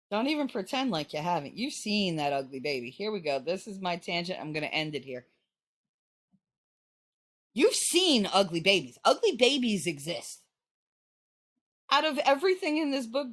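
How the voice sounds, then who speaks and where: Lively, blunt, joking woman host. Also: dry recording. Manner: blunt, joking, swears freely; animated, swoops into squeaky high pitches. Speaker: channel host reading a book with commentary. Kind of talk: casual chatty commentary.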